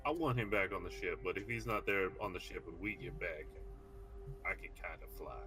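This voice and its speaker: Low-pitched male player, wry, laid-back. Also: fairly quick, pushed and bright, soft background music. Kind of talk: casual chat at a tabletop game.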